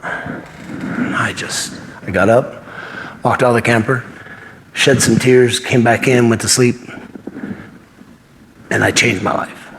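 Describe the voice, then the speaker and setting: Slow and fairly even in intonation, this mid-range, slightly bright male voice leaves long pauses, with a little hiss or hum audible. The speaker, a martial arts instructor in his fifties, is interviewed and recounts earnest personal stories, voicing the characters' dialogue.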